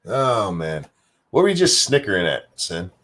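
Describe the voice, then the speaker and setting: A man's voice: sits low, big pitch swings, normal speed, a bit bright. A man hosting a casual livestream talk show, ranting with sarcastic commentary. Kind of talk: casual chat.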